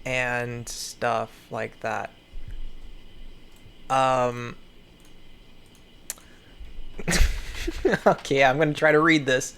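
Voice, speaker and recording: A woman's voice: rumbling low, slow, pauses often, a bit bright, clear, resonant tone. A woman giving casual commentary in a profane, rambling, exasperated way. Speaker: video creator.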